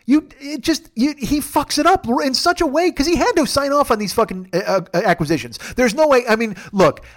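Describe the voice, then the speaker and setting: A man hosting a podcast, telling profane, excitable comic stories in a sports rant. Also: very high voice, a little fast. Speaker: podcast host.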